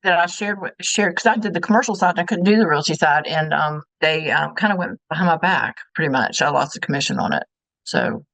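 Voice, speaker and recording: A woman with a lowish, creaky voice, speaking hesitantly on a group call. Her sound is dry and close, with no room around it. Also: brisk, fairly bright tone, dry recording, rough recording. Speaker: agent sharing a story on a call.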